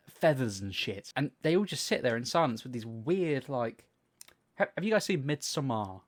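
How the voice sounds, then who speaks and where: A young man with a mid-range voice, chatting on a podcast. He tells long stories in an animated way and swears freely. He slips into other people's voices to act out what they said. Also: mid-range voice, normal speed. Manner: animated storytelling, swears freely, acts out quotes. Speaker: podcast co-host. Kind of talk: casual chat.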